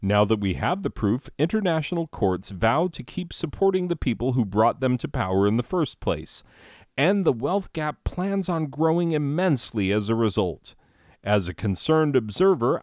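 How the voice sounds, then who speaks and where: A man's voice: mid-range voice, sing-song, moderate pace, a little mellow, no room sound, clean studio sound. A man hosting a comedic year-in-review monologue, full of sarcastic, mock-serious asides. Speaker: host.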